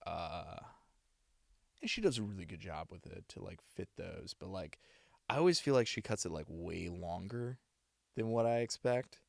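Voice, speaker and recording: A man's voice: deep voice, expressive, normal speed, vocal fry, dry recording, clean studio sound. A man, a voice actor, chatting with his stream viewers in a loose, rambling way. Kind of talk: casual live-stream chat.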